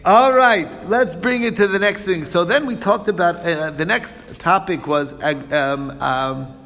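A man leads an informal religious study lesson, stumbling through fillers and restarts as he explains. His voice is somewhat high with a gravelly edge. The sound carries a long reverb, as in a large hall. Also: fairly bright tone. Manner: halting, many fillers and restarts, chuckles at own examples. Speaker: Talmud teacher.

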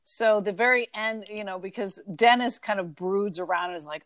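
A woman's voice: medium pitch, moderate pace, a bit bright, dry recording. A thoughtful woman talks about a book in casual conversation. She reads out her notes and asks questions along the way. The recording is dry and close. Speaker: book discussion co-host. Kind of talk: casual chat.

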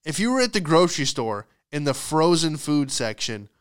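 A man hosting a podcast who tells a comedic story in a profane, exasperated, animated ranting style. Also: fairly high pitch, moderate pace, clear, resonant tone. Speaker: podcast host.

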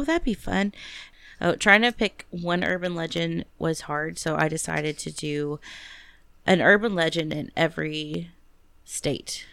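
A woman's voice: low-pitched, vocal fry, fairly bright tone, clean tone, dry recording. A woman co-hosting a podcast, chatting casually and rambling with many fillers and restarts. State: recovering from a cough. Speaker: podcast co-host. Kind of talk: casual chat.

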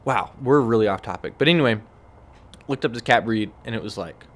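His voice on the low side and his delivery brisk, a man hosts a casual solo podcast over a cigar and beer in a relaxed evening setting. He tells wry, rambling stories, lively voicing other people's lines.

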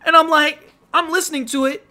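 A man's voice: very high-pitched, steady tone, brisk, pushed and bright. A young man hosting a casual podcast, telling stories with slang and profanity and big swings in his voice. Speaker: podcast host.

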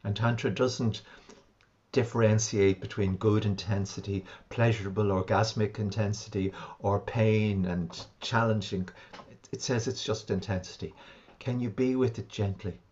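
A man, a homeopath and shamanic practitioner, calmly recounting a client's sessions in an interview. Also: on the low side, normal speed, lo-fi sound. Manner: calm, reflective, recounts sessions at length. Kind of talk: interview storytelling.

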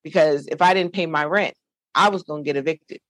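A middle-aged woman, the founder of a nonprofit, tells her own story to a panel in an animated, preacherly way. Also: sits low, fairly quick, dry recording. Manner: animated, lively storyteller, preacherly call-and-response.

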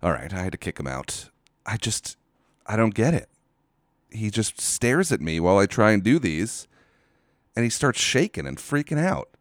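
A man's voice: fairly low pitch, very animated, moderate pace, pauses often, no room sound, studio quality. A man hosting a casual solo podcast, ranting with exasperation, swearing and rambling into a microphone. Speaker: podcast host. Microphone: studio microphone.

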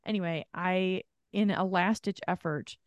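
A woman's voice: fairly low pitch, unhurried, no room sound, highs cut off. A woman co-hosting a podcast, telling a story in casual chat, swearing freely and acting out the people she quotes. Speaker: podcast co-host.

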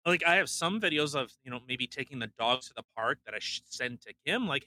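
A man's voice: medium pitch, brisk, bright, forceful tone. A man co-hosting a casual podcast, ranting bluntly and with profanity, mocking others in put-on voices. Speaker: podcast co-host; truck driver.

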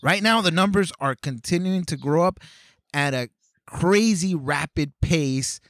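This podcast co-host has a fairly high, slightly bright voice and takes his time. He chats casually, hesitating and restarting often, in a dry, clean studio recording.

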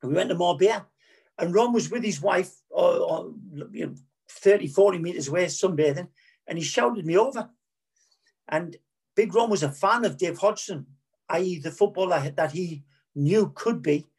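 A man's voice: high voice, moderate pace, vocal fry, a little mellow, breathy edge. A middle-aged man, a former footballer, frankly telling rambling anecdotes in an interview, often correcting himself and repeating words. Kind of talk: candid anecdotal storytelling.

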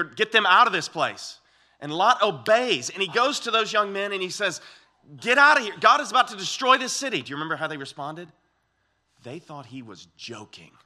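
Male pastor, sermon, vivid acted quotes, bright and a bit high. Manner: expressive preaching with lively voiced quotes.

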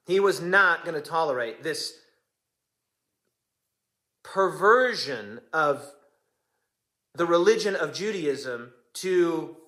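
Middle-aged guy preaching, pretty high voice, gets all fired up and repeats stuff for punch. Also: animated, slow, long pauses, bright, forceful tone. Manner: impassioned and emphatic, repeating phrases for effect. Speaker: pastor. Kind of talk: sermon.

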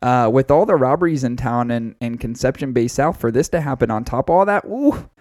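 A man's voice: medium pitch, expressive, fairly quick, darkish tone, no room sound, clean studio sound, lightly acted. A man quoting a prim Canadian woman neighbor in a mild, lilting voice. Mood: gossipy.

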